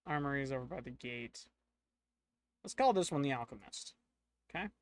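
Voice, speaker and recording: A man's voice: medium pitch, animated, moderate pace. A man narrating and playing a solo tabletop game, thinking aloud as he goes.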